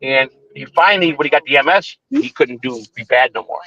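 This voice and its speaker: A man's voice: mid-range voice, lively intonation, a little fast, sharp tone, lo-fi sound. A man hosting a morning show, telling a long story in casual, profane, rambling talk with frequent restarts. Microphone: streaming setup.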